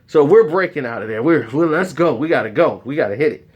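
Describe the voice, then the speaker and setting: A man telling a comedic story in an animated way, acting out the voices of the people in it. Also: on the high side, fairly quick, hardly any pauses.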